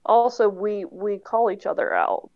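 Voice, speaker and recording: A woman co-hosting a podcast in casual chat, explaining things at length in a relaxed, self-deprecating way. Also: mid-range voice, unhurried, no echo, dull audio. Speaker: podcast co-host.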